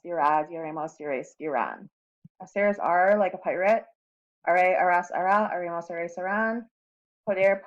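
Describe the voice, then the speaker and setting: A woman teacher slowly walking students through recorded lesson notes, with frequent ums. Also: medium pitch. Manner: slow and deliberate, with frequent ums. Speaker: Spanish teacher. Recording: slightly dull lo-fi audio.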